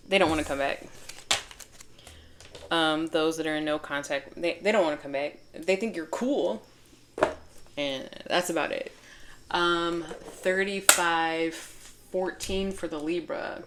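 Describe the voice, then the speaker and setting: A woman's voice: low voice, unhurried, long pauses, background noise. A woman giving a casual tarot reading to her viewers, chatty, laughing often and breaking off mid-sentence. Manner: chatty, laughing, self-interrupting. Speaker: tarot reader.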